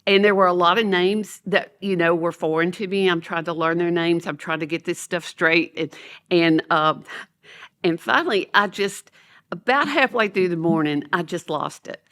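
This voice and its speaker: A woman, an educator and podcast guest, telling stories with lively energy, laughing often and acting out what people said. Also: fairly low pitch, moderate pace. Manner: animated, laughing storyteller who acts out quotes. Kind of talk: storytelling in a podcast interview.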